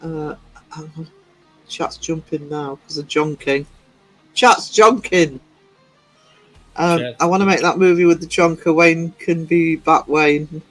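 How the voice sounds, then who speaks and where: Giggling as he reads out his chat, a male livestream host chats casually in a fairly high, level voice at an unhurried pace. The recording is rough, with faint music in the background.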